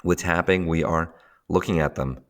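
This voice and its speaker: Middle-aged man, very deep voice, lively guest talker who laughs and voices his stories. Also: normal speed. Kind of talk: casual conversation.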